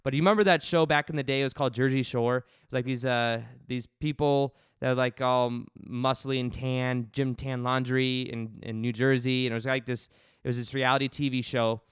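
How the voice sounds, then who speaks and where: A young man telling a personal story straight to camera in a loose, animated way, doubling back and adding asides as he goes. His voice is smooth and clear, and it sounds dry and close, with no room around it. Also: mid-range voice, a little fast, no echo. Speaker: YouTube self-help creator. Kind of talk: casual to-camera talk.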